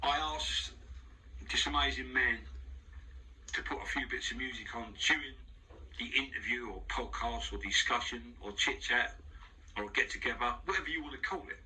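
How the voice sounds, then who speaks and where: A man's voice: mid-range voice, moderate pace, bright, forceful tone, far from the mic, low-quality recording. Rambling man with a London accent. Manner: rambling, frank, with frequent restarts and swearing. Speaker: interview guest. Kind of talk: casual spoken monologue. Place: studio. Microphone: wearing headphones.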